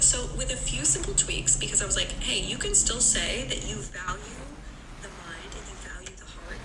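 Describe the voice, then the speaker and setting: Woman, dating coach, live-stream chat; chatty storyteller, echoey room, loud background noise. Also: a little high, animated, fairly quick. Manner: chatty, acts out dialogue in anecdotes.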